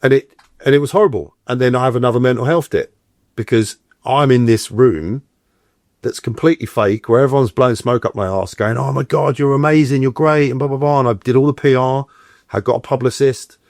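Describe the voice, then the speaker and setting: A middle-aged actor, appearing as a guest in a casual interview, tells stories in a mid-range voice at a brisk clip. He's animated and acts out the voices of the people he quotes. The studio-quality sound has no echo.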